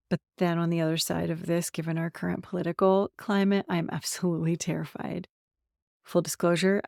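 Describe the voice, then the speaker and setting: Low gravelly-voiced woman in her forties. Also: dry recording, studio quality. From central Pennsylvania. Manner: warm, candid, laughs often. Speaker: podcast host, somatic transformation coach. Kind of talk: personal solo podcast talk.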